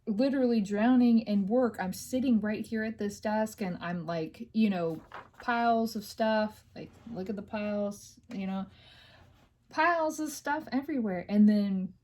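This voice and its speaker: A woman's voice: medium pitch, steady tone, unhurried, dark tone. Rambling woman venting at her desk. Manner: rambling, venting, many fillers. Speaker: podcast host. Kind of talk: casual personal chat. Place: home office, at her desk.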